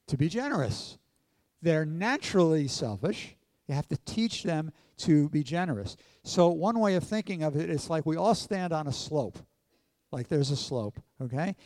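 A man preaching a sermon at a measured pace, putting questions to his congregation. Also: on the high side, dark tone, no echo, long reverb tail. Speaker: pastor.

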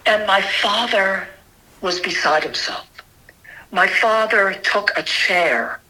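Earnest older man with a bright voice. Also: sits high, animated, slow pace, low-quality recording. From New York City. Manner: earnest, emphatic, with frequent restarts. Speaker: guest sharing his testimony. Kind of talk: personal testimony in an interview.

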